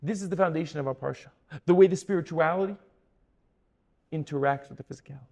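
A man telling a story in a sermon as a Torah teacher, dramatic, dropping to a hush and then rising to emphatic peaks. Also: a little high, fast, long reverb tail. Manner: dramatic, swings from hushed to emphatic.

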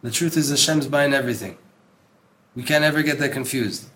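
A man's voice: mid-range voice, a little fast, a bit bright, a little hiss or hum. A man teaching a Torah class in an earnest, emphatic way, reading a text aloud and translating it, with Hebrew terms mixed into his speech. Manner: earnest, emphatic, repeats words for stress. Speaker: religious teacher.

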